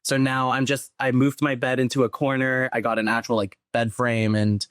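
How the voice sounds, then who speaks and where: A man's voice: medium pitch, normal speed, clear, resonant tone, no room sound, studio quality. A young man from San Diego, a guest on a podcast, chatting casually and telling stories with a laugh. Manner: chatty, laughs often, animated storytelling. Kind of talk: casual chat.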